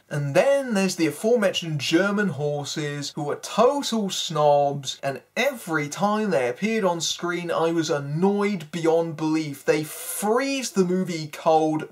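Reviewer, breathy and husky, mid-range voice, dry sarcastic delivery of a film critique. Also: medium pitch.

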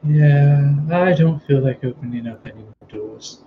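A man's voice: on the high side, measured pace, gravelly, narrow, tinny audio, slight background noise. A man playing in a tabletop game over an online call, talking casually and hesitantly with lots of questions. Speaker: player.

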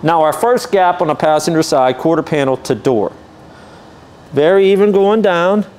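A man's voice: on the high side, animated, moderate pace, a little mellow. Easygoing man giving a car walkaround. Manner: easygoing, methodical, many "um" and "uh" fillers. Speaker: car dealer walkaround presenter. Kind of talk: casual vehicle walkaround narration.

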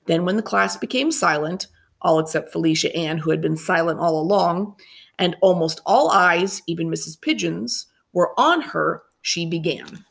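A woman reading a children's chapter book aloud in a steady, clear storytelling manner. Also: lowish voice, normal speed. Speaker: reader.

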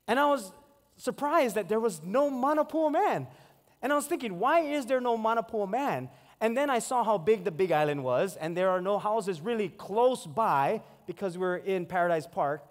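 Pastor, 40s, storytelling sermon, high pitch, reverberant sanctuary. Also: male voice, normal speed. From Hawaii. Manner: storytelling, animated acted-out quotes. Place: church sanctuary. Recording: long hall reverb.

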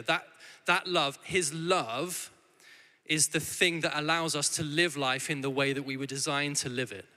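Bright-voiced man preaching in a reverberant church. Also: medium pitch. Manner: warm conversational storytelling with frequent restarts. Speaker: guest preacher. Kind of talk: sermon. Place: church hall. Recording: church hall with long reverb.

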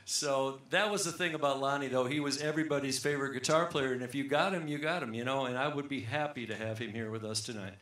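A man's voice: mid-range voice, quick pace, hardly any pauses, a bit bright. A man leading a band on an outdoor amphitheater stage, chatting between songs in a joking, rambling, self-deprecating way into a stage mic. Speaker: bandleader and singer. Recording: roomy live concert sound with faint music.

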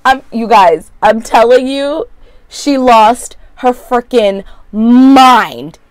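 A woman giving a sassy, opinionated recap of a TV episode in a casual vlog, full of quick asides. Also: fairly high pitch, animated, dry recording. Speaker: vlogger.

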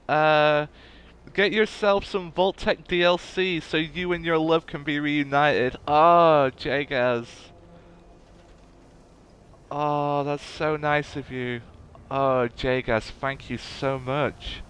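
A man's voice: fairly high pitch, fairly even intonation, slow, fairly bright tone, clean tone. A man streaming a game live, chatting casually and gushing emotionally to his viewers.

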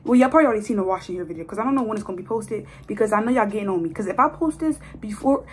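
A chatty young woman talks straight to her viewers as she styles a mannequin's hair, playful and easygoing. Her voice sits at an ordinary pitch, and a faint hiss runs under the phone recording. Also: expressive, racing. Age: 20s. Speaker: hair vlogger. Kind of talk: casual chat while styling a mannequin's hair. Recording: phone video with faint noise.

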